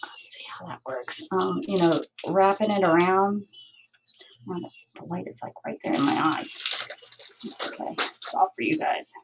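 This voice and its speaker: A woman's voice: lowish voice, huge pitch swings, normal speed, in a whisper, low-quality recording. A woman hosting a crafting livestream, chatting casually and thinking aloud as she works. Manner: chatty, thinking aloud while working, with asides and laughs.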